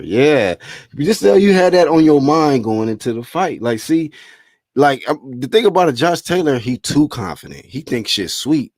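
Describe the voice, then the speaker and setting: A man's voice: medium pitch, expressive, moderate pace, a little mellow, no echo, studio quality. A man interviewing in casual chat, laid-back and slangy, often chuckling as he talks.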